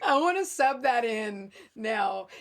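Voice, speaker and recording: A woman's voice: a little high, lively intonation, slow, background noise. A woman co-hosting a podcast, reading a listener's eerie story aloud and then chatting and joking with her co-host. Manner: jokey, laughs often.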